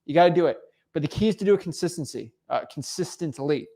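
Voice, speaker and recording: A man's voice: on the high side, fast talker, warm tone. A man hosting a coaching livestream, talking bluntly and teasingly, often stumbling and repeating words. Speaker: real estate wholesaling coach hosting a livestream. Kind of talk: unscripted livestream coaching talk.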